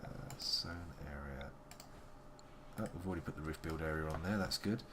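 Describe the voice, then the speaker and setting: A man's voice: a bass voice, moderate pace, background noise. A man giving playful, wordy live commentary on a game he is playing, making theatrical asides to his chat. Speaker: live-streaming game player.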